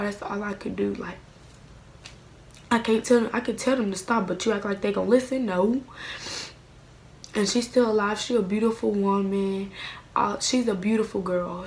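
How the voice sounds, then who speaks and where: A woman's voice: mid-range voice, slight background noise. A woman talking in a rambling, heartfelt personal vlog at home at night, often near tears. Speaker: vlogger.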